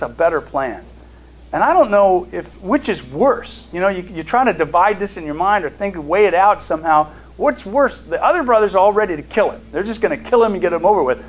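A man teaching a Bible study in a conversational way. He reads scripture aloud and pauses to explain it, with fillers and restarts. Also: high voice, slight background noise, rough recording. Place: seated, studying notes.

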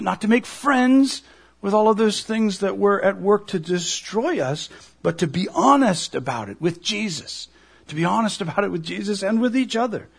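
A man preaching a sermon in a husky voice, animated and repeating himself as he acts out quoted words. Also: sits high. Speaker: pastor.

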